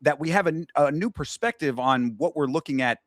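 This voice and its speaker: A man's voice: a little high, lively intonation, fairly quick, no room sound. Man, casual podcast co-host, easygoing, steers the talk, dry close sound. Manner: easygoing, wrapping up and steering topics. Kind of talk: casual chat.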